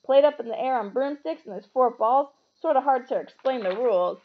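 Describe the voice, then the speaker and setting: A woman's voice: sits high, animated, a little fast, phone-quality sound. A woman voicing a big, kindly half-giant groundskeeper man who talks in a hearty, blunt way, read aloud from a storybook.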